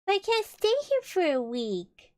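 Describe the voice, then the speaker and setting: A woman's voice: extremely high pitch, very animated, unhurried, darkish tone, dry recording, clean studio sound, voice pushed up, heavily acted. A woman voicing a plump, simple-minded male teddy bear in a storybook reading, whiny and plaintive. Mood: fretful.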